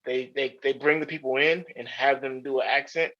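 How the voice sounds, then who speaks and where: Heard through a dull lo-fi recording, a man co-hosting a podcast rambles through profane opinions and keeps restarting his thoughts in casual chat. He talks at normal speed with medium pitch and fairly even intonation.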